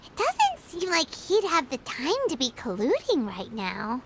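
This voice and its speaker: A very high, squeaky little fairy companion in a video game, her pitch bouncing all over as she chatters nosily. She talks about herself in the third person, over a loud hiss of noise. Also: wildly swooping pitch, a little slow, full character voice. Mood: curious. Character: tiny floating fairy companion, chirpy and nosy.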